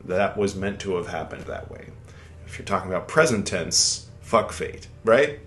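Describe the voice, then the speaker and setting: A podcast host reads an old text aloud and keeps breaking off into casual, irreverent, swearing asides, rambling and quoting in mock-dramatic voices. His voice sits low and a bit bright, with lively intonation at a moderate pace. The room is echoey, with faint background noise.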